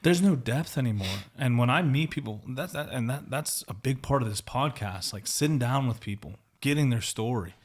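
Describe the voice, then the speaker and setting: A man's voice: mid-range voice, lively intonation, moderate pace, few pauses. A man hosting a podcast, talking in a rambling, candid way with many restarts and lots of "like". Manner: rambling, candid, says like a lot. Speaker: podcast host. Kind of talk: casual interview chat.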